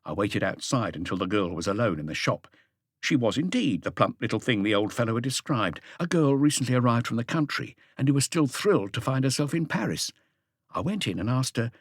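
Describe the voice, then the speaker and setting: A man narrating a mystery audiobook in an expressive storytelling manner. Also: on the low side, fairly quick, no room sound, clean studio sound. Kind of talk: scripted narration.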